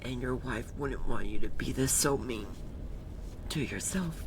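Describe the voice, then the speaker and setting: A man doing let's play commentary, emotional, dropping to hushed whispers and rising to loud cheers. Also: mid-range voice, fairly even intonation, moderate pace, noisy background. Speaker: game streamer.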